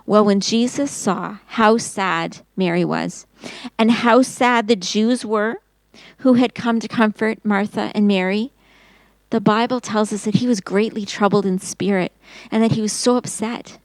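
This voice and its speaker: A woman teaching Sunday school, telling a Bible story to children in an expressive storytelling voice. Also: medium pitch, measured pace, no room sound, poor audio. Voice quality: expressive storyteller, acting out quotes in raised voice.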